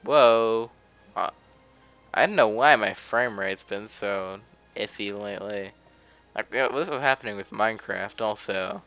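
A man's voice: on the low side, a little slow, sharp tone, clear, resonant tone, faint music behind. A young man giving casual, chatty commentary while playing a game, often grumbling offhandedly. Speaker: gameplay commentator. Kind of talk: casual let's play commentary. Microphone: desk mic.

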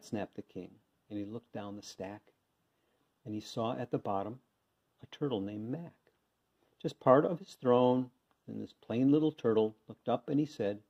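A man reading a children's picture book aloud with lively, expressive delivery, on a dull lo-fi recording. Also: mid-range voice, normal speed. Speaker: reader. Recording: dull lo-fi sound.

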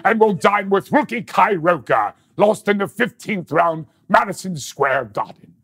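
A velvety old-school English leading man, as a comedian puts him on, all slow plummy theatre. The voice sits a touch high and is rough and breathy at the edges. Recorded dry and close. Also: expressive, fairly bright tone, no echo, exaggerated voice. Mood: wistful. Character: impression of a suave old English film actor, male, middle-aged.

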